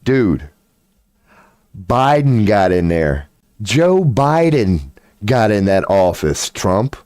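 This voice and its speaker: Low-voiced male streamer, sarcastic and foul-mouthed, dry close sound. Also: big pitch swings, drawn-out words, darkish tone, no room sound. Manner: profane, sarcastic, drawling Southern-style slang. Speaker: livestream host. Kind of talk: casual rambling livestream monologue.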